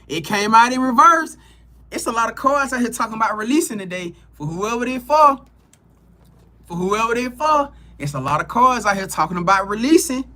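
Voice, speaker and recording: A man hosting a live tarot reading, his voice sitting a little high with a sharp, bright edge. He talks loosely to his viewers, repeating himself, slipping into slang and swearing. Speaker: tarot reader on a live stream. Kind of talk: casual spiritual talk to viewers.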